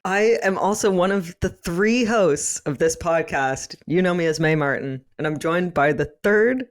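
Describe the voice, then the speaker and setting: Woman, podcast co-host, playful, laughs a lot, slightly low voice. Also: unhurried. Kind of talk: casual chat.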